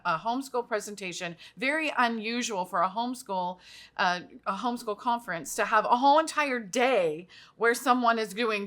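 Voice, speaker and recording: A woman's voice: fairly high pitch, fairly bright tone. A middle-aged woman hosting a talk show, telling a personal story with emotion in a casual chat.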